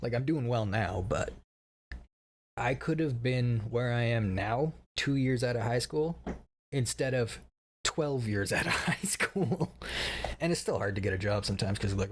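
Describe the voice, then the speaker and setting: A man's voice: medium pitch, expressive, a little slow, slight background noise. Swearing, laughing male streamer. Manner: profane, laughing, rambling. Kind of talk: casual stream update.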